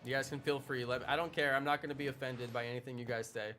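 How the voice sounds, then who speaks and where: A man's voice: mid-range voice, steady tone, fast talker, a bit bright, slight background noise. A young man live streaming, chatting casually with his audience in a playful, teasing way. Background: background music.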